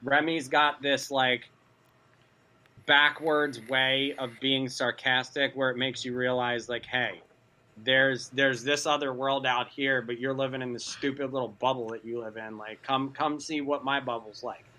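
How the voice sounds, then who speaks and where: A man's voice: mid-range voice, little pitch movement, a little slow, bright, forceful tone, low-quality recording. A man in a casual podcast group chat, talking in a rambling way with many fillers.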